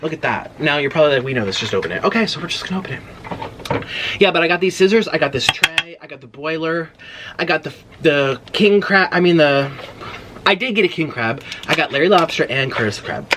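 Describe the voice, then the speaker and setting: A woman's voice: low voice, brisk. A young woman hosting a casual eating-show vlog, gasping and exclaiming as she talks. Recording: noisy home recording.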